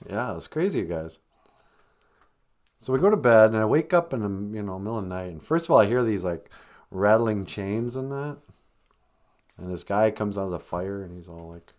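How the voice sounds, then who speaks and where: A man hosting a livestream podcast, telling a rambling deadpan tall tale full of hesitations. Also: lowish voice, moderate pace, long pauses. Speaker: podcast host. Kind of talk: comedic storytelling on a livestream.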